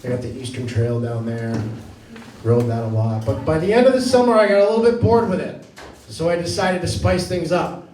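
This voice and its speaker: Speaking fairly fast with animated delivery, this comedian from Maine has a somewhat high, darkish voice as he rambles through self-mocking stories on a club stage. It's recorded from afar in an echoey room, and the audience can be heard laughing.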